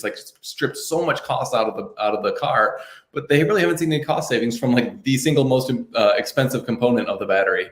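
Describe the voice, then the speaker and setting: A man chatting excitedly on a panel, filling his talk with "like". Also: medium pitch. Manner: excited, lots of "like". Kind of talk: casual panel chat. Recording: roomy echo.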